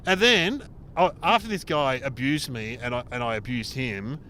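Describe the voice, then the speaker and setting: A middle-aged Australian man and comedian, telling a rude, animated story in casual chat and acting out the other people in it. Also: medium pitch, moderate pace, a little hiss or hum. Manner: animated, swearing, acts out dialogue. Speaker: comedian podcast host. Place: inside a car on a road trip.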